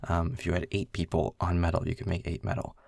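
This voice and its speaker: A man's voice: low-pitched, completely flat delivery, quick pace, vocal fry, a little mellow, dry recording. A young man in a casual boyfriend role-play, rambling through game rules with lots of filler words. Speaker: audio role-play creator.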